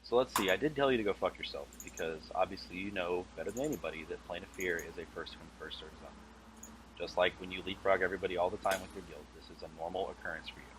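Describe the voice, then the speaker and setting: A man with a lowish voice argues in a rapid, profane rush over voice chat, laying out his side of a raid dispute. The recording is full of steady background noise. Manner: fast, combative, profane. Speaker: guild raid leader in a dispute. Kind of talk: heated voice-chat argument.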